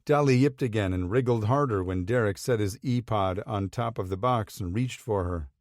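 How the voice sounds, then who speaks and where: A man with a fairly low voice narrates a romance audiobook from a script, keeping his delivery even and measured. The sound is studio quality, without any room sound.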